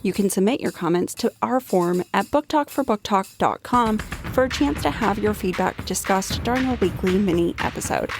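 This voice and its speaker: A young American woman co-hosting a book podcast, emphatic and quick to agree. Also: medium pitch, animated, music in the background. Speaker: podcast co-host. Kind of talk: casual book podcast chat.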